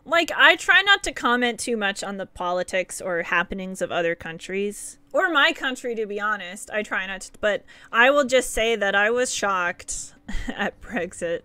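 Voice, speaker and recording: A woman's voice: mid-range voice, animated, moderate pace, bright, forceful tone, clear, resonant tone, no room sound. Bubbly giggly woman streamer. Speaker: game streamer. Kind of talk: casual live-stream chat with viewers.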